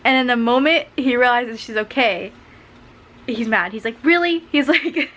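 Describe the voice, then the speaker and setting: A woman's voice: fairly high pitch, moderate pace, fairly bright tone, highs cut off. A young woman vlogging casually from bed at home, chatting with lots of filler words like "like" and "um". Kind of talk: casual chat to camera.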